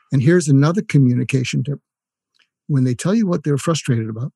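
A man's voice: medium pitch, dark tone, breathy edge, dry recording, studio quality. An older retired man giving communication tips in an interview, explaining with examples and acted-out phrases. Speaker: guest, communication expert. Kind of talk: instructive interview talk.

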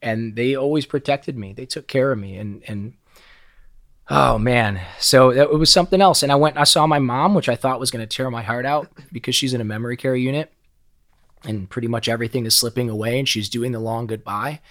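A man's voice: mid-range voice, a little fast, a bit bright. A middle-aged man as a podcast guest, telling personal stories in a candid, emotional way, swearing freely and often repeating and restarting words. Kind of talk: candid conversational storytelling.

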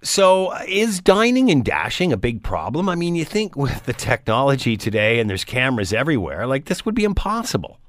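A man's voice: medium pitch, very animated, fairly quick, hardly any pauses, no echo, clean studio sound. A man hosting a radio interview, asking conversational questions with some stumbles. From Canada. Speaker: radio talk show host.

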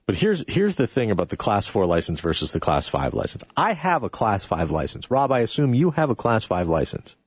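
A talk radio host with a sarcastic edge, his pitch swinging widely as he argues a point. His voice is a little husky and sits close and dry in the studio mic. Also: brisk, few pauses, no room sound. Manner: sarcastic, animated.

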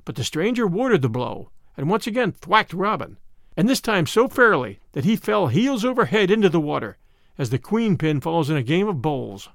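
A man narrating an old-fashioned adventure story in an expressive storytelling manner. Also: on the high side, moderate pace, dry recording, clean studio sound.

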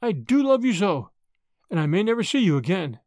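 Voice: mid-range voice, sing-song, a little fast, darkish tone, no echo, clean studio sound. A reader voicing a spirited, frank young woman in an audiobook, snappy and emotional. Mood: anguished. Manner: snappy, emotional, talks to herself. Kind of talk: audiobook character voice.

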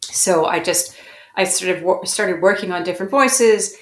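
A woman's voice: fairly low pitch, moderate pace, roomy sound. A woman being interviewed as a guest actor, telling stories in a reflective, self-correcting way. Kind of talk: interview conversation.

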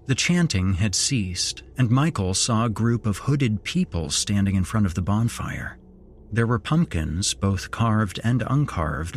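A man hosting a horror podcast, narrating a scripted horror story in a slow, grave storytelling manner. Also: low-pitched, a little hiss or hum.

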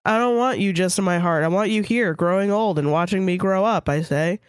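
A woman's voice: medium pitch, brisk, no echo, clean studio sound. A woman co-hosting a podcast, reading a story aloud with casual, crude asides. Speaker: podcast co-host.

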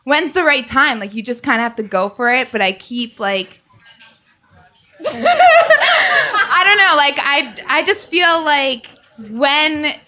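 A woman's voice: sits high, very animated, takes it slowly, pauses often, pushed and bright. A young woman from a comedy club audience asking for dating advice, hesitant and full of "like". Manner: hesitant, filler-heavy with "like". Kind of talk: casual chat.

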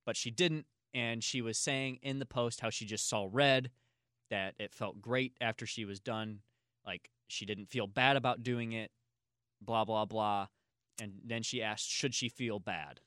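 A man hosts a casual podcast, telling a long, meandering story packed with filler words. His voice is bright and forceful, with sudden loud laughs. The sound is dry and close to the mic. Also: medium pitch, measured pace, no echo. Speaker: podcast host.

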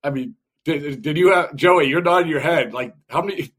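Higher-voiced podcast host, rambling. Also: male voice, normal speed, a bit bright. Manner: rambling, restarts questions. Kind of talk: casual interview questions.

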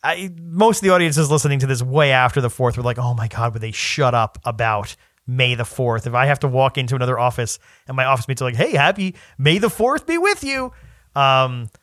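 A male podcast co-host in loose, casual conversation. He rambles, stops and restarts, and slips into lively mimicry when quoting people. His voice sits at an average pitch and is recorded close and dry, with no room sound. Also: quick pace, no echo. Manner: rambling, self-interrupting, animated quoting. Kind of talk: casual chat.

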